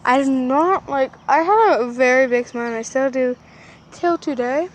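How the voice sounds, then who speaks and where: A woman with a high voice tells a story to her camera in a loose, rambling way, packing it with "like" and mild stand-in swears. She is recorded outdoors somewhere rural, and steady background noise sits under her voice. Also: moderate pace. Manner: rambling, filler-heavy, says "flippin'" and "effing" instead of swearing. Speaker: vlogger.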